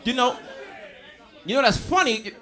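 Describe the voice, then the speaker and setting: A man doing a stand-up comedy set, telling loud, animated, profane stories and working the crowd. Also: very high voice, unhurried. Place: comedy stage before a live audience. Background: audience laughter.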